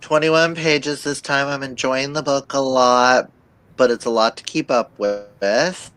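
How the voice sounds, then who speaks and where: A man's voice: medium pitch, fairly even intonation, measured pace, a bit bright, clear, resonant tone, no echo, soft background music. A man hosting a casual video call chat, telling stories with acted-out quotes. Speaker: host.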